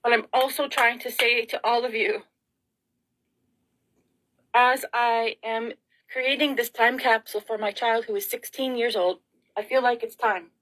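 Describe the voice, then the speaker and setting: A woman's voice: fairly high pitch, steady tone, unhurried, long pauses, fairly bright tone, low-quality recording. A middle-aged woman vlogging in an emotional, rambling monologue, frazzled and tearful, sighing and asking rhetorical questions.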